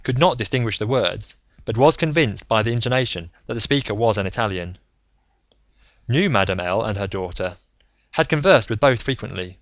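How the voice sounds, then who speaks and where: Male audiobook narrator, measured reading, dry close sound, slightly dull lo-fi audio. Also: on the low side, animated, no echo. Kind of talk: scripted narration. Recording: slightly muffled lo-fi recording.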